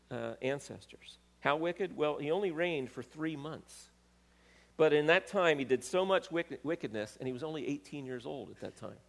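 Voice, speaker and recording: Preaching man in an echoing hall. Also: medium pitch. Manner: reads scripture aloud with rising emphasis, halting self-corrections. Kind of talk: sermon. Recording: long reverb of a large hall.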